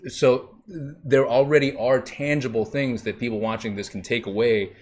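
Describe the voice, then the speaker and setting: A man's voice: medium pitch, fairly even intonation, normal speed, a little mellow, slight background noise. A man hosting a casual interview, enthusiastic and affirming, with occasional swearing. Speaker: podcast host.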